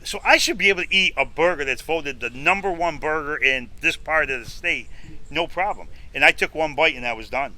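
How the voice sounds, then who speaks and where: A man's voice: on the high side, brisk. A middle-aged man from New York, a food reviewer telling stories in a casual interview and acting out what people said. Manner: animated storyteller who acts out quoted dialogue.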